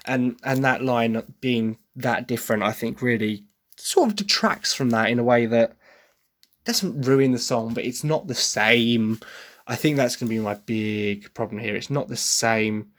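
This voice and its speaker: A man's voice: medium pitch, unhurried. An English man hosting a podcast, talking through his opinions in a casual, hesitant way with many restarts. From England. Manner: chatty, hesitant, breaks into sung impressions. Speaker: podcast host reviewing a musical. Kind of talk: casual solo commentary.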